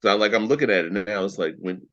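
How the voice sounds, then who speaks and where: A man co-hosting a podcast, chatting casually and excitably about a TV episode and swearing now and then. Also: on the low side, quick pace, muffled recording. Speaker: podcast co-host. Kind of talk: casual chat.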